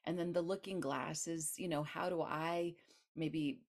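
Speaking slowly in a low voice, this woman is a guest author being interviewed. She recounts something from her own life in a lively way, laughing as she mimics how others sounded.

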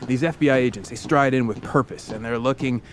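A man's voice: mid-range voice, quick pace, a little hiss or hum. A man hosting a podcast, telling a true story in the second person and playfully acting out the people in it. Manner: vivid, playful, acts out side characters with funny voices. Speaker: podcast host.

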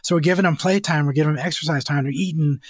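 A man talking as a guest in an interview, rambling and animated as he explains how he raises puppies. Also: fairly high pitch, very fast, dry recording, studio quality. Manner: rambling, animated, acts out scenes. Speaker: guest, dog breeder. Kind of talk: casual interview chat.

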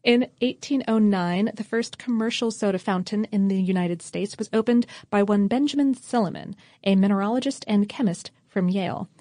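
A woman's voice: medium pitch, normal speed, hardly any pauses, warm tone, dry recording. A woman co-hosting a casual history podcast, reading out facts with wry offhand asides. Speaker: podcast co-host.

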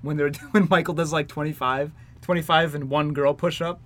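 Laid-back young man, slightly high voice. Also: fairly even intonation, normal speed, very noisy. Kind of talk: casual chat.

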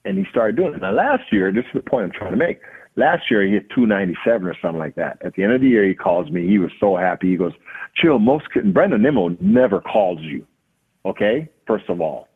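A man, a hitting coach and podcast guest, telling a lively story and acting out the dialogue. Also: low voice, fast, slightly rough. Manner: acts out quoted dialogue. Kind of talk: animated storytelling. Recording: tinny phone-like line.

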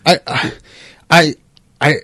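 A man's voice: takes it slowly, pushed and bright, dry recording, studio quality. A man talking as a podcast guest in a casual, upbeat chat, often calling the host "bro" and "man". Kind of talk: casual conversational interview.

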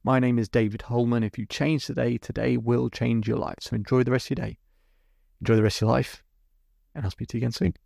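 A man's voice: mid-range voice, level tone, quick pace, creaky, warm tone, no echo, clean studio sound. A middle-aged man hosting a podcast as a hypnotherapist, recounting a client session step by step and then explaining the method. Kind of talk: storytelling monologue.

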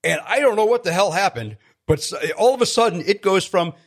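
A man from Chicago, a guest comedian, telling stories in casual chat, animated and self-deprecating with many restarts. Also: high-pitched, a little fast. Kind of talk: casual storytelling.

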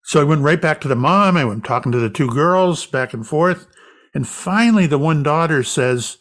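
A man guest in an interview, a medium, recounting an experience as a lively anecdotal storyteller. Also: on the high side, moderate pace.

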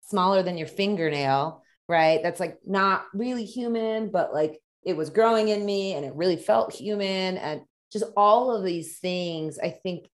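A woman's voice: fairly low pitch, measured pace, hardly any pauses. A woman in a reflective casual conversation who speaks hesitantly, restarting her sentences. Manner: thoughtful, hesitant, many restarts.

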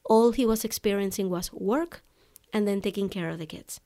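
This woman hosts a podcast for online coaches and chats casually with her listeners while recounting a personal story, often adding "right?" and "you know." Her voice is mid-range, creaky and mellow, at a moderate pace.

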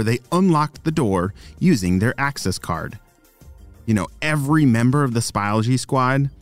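Lively man narrating a kids' story. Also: fairly low pitch. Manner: lively and chatty, talks directly to young listeners. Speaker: storyteller and host of kids' podcast.

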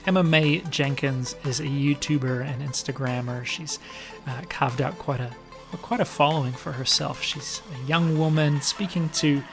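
A man's voice: mid-range voice, steady tone, normal speed, vocal fry, over music. A man in his thirties hosting a podcast, talking frankly about himself and laughing often. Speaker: podcast host. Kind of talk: candid podcast talk.

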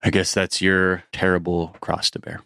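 Male co-host, low register, relaxed and irreverent, dry studio mic. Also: moderate pace, smooth, no room sound. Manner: loose, swearing, jokey asides. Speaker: podcast co-host. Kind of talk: casual chat.

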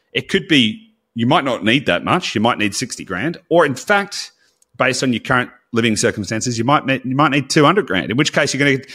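A man's voice: medium pitch, fairly bright tone, breathy edge. A man co-hosting a podcast in casual chat, candid and blunt, with casual swearing. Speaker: podcast co-host.

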